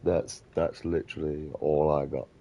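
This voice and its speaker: A gaming vlogger with an extremely low, booming voice. He rambles in a casual, profane rant, swinging between crude mockery and loose storytelling. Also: little pitch movement, normal speed, mellow, highs cut off, a little hiss or hum. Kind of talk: casual rant over gameplay.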